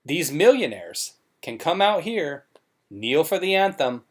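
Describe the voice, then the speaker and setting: A man's voice: a little high, sing-song, a little slow. Sarcastic man hosting a commentary show. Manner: sarcastic, mocking, scornful.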